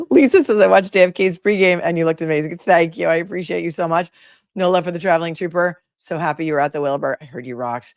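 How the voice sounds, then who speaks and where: A woman host talks casually on a livestream, her voice sitting low. She rambles warmly through viewer comments, full of fillers and restarts. The sound is close and dry, with no room echo. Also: lively intonation, fast talker. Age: older than her peers, calls herself the old lady of the group.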